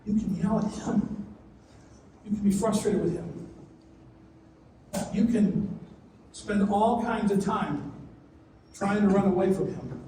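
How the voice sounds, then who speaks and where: A young man preaches to a youth group with a high, lively voice, now and then acting out someone's prayers. He is caught from a distance in a large room with a strong echo and a faint background hiss. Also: takes it slowly, pauses often. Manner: animated, acts out prayers in a strained voice. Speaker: youth pastor. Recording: echoey hall, distant mic, faint noise.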